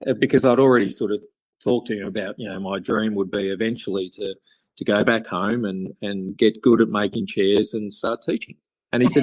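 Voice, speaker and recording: Aussie bloke, low voice, rambly storytelling, dry close mic, lots of ums. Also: male voice, steady tone, brisk, a little mellow, no echo. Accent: Australian. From Australia. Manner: rambling, many fillers and restarts. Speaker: guest chairmaker. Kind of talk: podcast interview storytelling.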